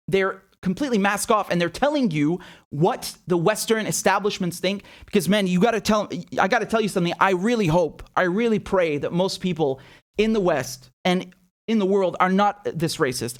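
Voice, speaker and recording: A man giving heated, profane political commentary, emphatic and mocking, repeating words as he presses his points. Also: high voice. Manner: rhetorical and mocking.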